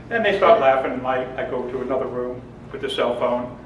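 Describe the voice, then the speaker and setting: A man's voice: medium pitch, a little fast, fairly bright tone. A man giving a humorous seminar talk to an audience, telling jokes and stories and laughing often. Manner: joking, storytelling, laughs often. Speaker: seminar presenter. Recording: echoey room, mic from a distance.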